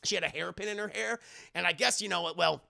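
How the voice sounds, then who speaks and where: High, very gravelly male streamer. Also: fairly quick. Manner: animated, profane retelling with voices. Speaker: streamer and show reviewer. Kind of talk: casual live review chat.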